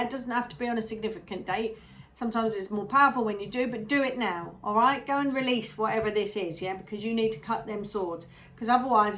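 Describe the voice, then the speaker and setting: A woman giving a chatty, animated tarot reading, often checking in with the listener. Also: medium pitch, a little hiss or hum. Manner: chatty, animated, keeps asking "yeah?". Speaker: tarot reader.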